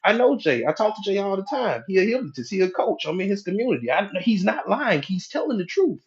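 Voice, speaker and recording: This is the conscious mind as a character, a man acting it out as an eager, insistent fellow. He speaks in a voice pitched high above the teacher's own and pleads hard for his case. The recording sounds a little dull and lo-fi. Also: big pitch swings, fast talker. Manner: pleading, talks up a friend.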